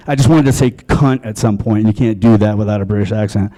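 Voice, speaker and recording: A man's voice: on the low side, brisk, mellow, rough recording. A man from Long Island doing a stand-up comedy set in a comedy club, crude and offhand. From Long Island, USA.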